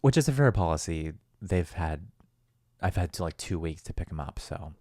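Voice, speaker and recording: Deep-voiced guy rambling on his podcast, swears a lot, jokes at his own expense, dry close sound. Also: lively intonation, moderate pace, mellow, no room sound. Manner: rambling, profane, self-deprecating, with laughs. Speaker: podcast host. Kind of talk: casual solo podcast monologue.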